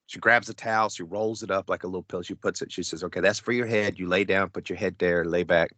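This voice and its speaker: A middle-aged podcast co-host with a very deep voice rambles through a profane story on a casual show, acting out what everyone said. His tone stays steady while his pace is quick, and his delivery sounds pushed and bright. The close mic gives a dry recording with no room around it.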